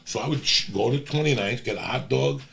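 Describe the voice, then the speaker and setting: A man's voice: mid-range voice, fairly quick, creaky, fairly bright tone. A middle-aged man from New Jersey, hosting a podcast and telling rambling, profane stories in casual chat. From New Jersey, United States. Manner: profane, rambling street storyteller. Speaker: podcast host.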